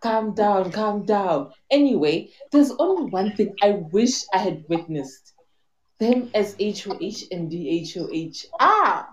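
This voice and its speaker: A woman with a Nigerian accent, speaking softly in a casual podcast chat and slipping into pidgin. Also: medium pitch, animated, unhurried, reverberant, muffled recording. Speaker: podcast co-host.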